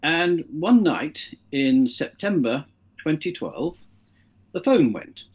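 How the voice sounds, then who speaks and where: A man's voice: a little high, expressive, slow pace, darkish tone, slightly rough. A middle-aged man, a guest in an interview, telling long anecdotes and acting out the voices of the people in them. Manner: anecdotal, acts out the voices in his stories. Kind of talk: casual interview storytelling.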